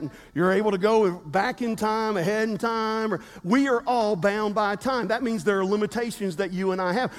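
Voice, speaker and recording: A man with a strikingly high voice preaches a sermon from the pulpit. He hammers his points through repetition and leads the congregation in call-and-response. His voice carries a long reverb through a large church sanctuary. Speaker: pastor. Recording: reverberant hall.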